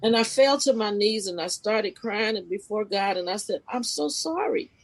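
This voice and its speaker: An expressive woman guest recounting a spiritual experience in a loose, informal way. Her pitch jumps sharply at dramatic points, and her phrasing is casual and full of restarts. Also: normal speed, poor audio. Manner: animated, expressive retelling with sudden pitch leaps. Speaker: podcast guest, spiritual life coach. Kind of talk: personal storytelling in a conversation.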